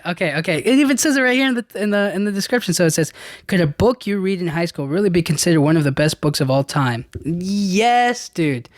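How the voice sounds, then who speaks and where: A man's voice: high-pitched, no echo, clean studio sound. A man hosting his own podcast, chatting casually and rambling through a list with lots of restarts and casual slang. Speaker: podcast host. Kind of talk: casual solo podcast chat.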